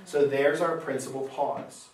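A man's voice: medium pitch, fairly even intonation, unhurried. Man teaching Latin in an echoey room. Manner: patient, asks questions and confirms answers. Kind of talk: classroom lesson, scanning verse aloud. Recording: echoey room, mic far off.

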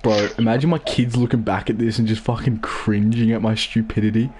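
A man's voice: lowish voice, fairly even intonation, brisk, noisy background. A young man streaming a football video game, chatting casually with crude swearing and joking banter. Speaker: gaming streamer. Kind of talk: casual gaming-stream chat.

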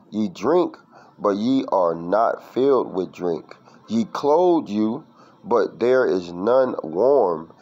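In a fairly low, darkish voice with the highs cut off, a man preaches loosely from scripture, reading out verses and definitions street-style, cursing and capping lines with "man." It's an informal study talk.

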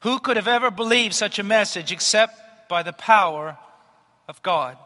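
A man's voice: high voice, normal speed, pushed and bright. A man preaching a sermon, emphatic and declarative. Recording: long hall reverb.

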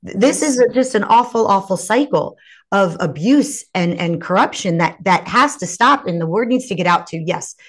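A woman's voice: medium pitch, animated, moderate pace. A woman hosting an interview podcast, speaking with passion and often repeating words as she builds a point. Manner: impassioned, repeats words when stirred. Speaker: podcast host.

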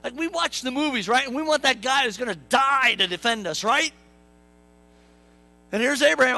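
A man's voice: very high-pitched, animated, moderate pace, creaky, long pauses, pushed and bright, low-quality recording. A male pastor preaching a sermon in a church, conversational and joking, talking to the congregation and acting out quotes in playful voices. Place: church sanctuary.

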